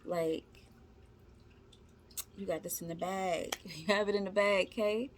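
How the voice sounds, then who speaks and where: A woman's voice: medium pitch, fairly even intonation, measured pace, slight background noise. A woman giving a casual tarot reading, talking to her viewers in a chatty, slangy, encouraging way. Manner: slangy, informal speech. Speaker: tarot reader.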